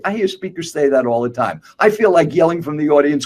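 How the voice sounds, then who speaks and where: A man's voice: on the high side, animated, fairly quick, hardly any pauses, darkish tone. An older man teaching public speaking, emphatic and direct, asking rhetorical questions. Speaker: guest speaker. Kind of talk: motivational speaking coaching.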